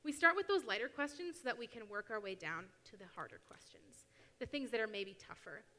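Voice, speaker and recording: A young woman preaches in a casual, animated way and slips into quoted voices now and then. Her voice is bright and a bit high. It rings with a long hall reverb. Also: brisk. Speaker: youth speaker at church. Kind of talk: sermon talk. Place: church hall.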